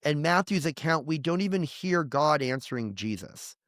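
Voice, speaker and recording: Pastor in his fifties, earnest rambling testimony, voice sitting a bit high, close and dry. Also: lively intonation, moderate pace, fairly bright tone, dry recording. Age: 50s. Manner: earnest, rambling with restarts and quoted prayers. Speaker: pastor and guest. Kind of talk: candid personal testimony.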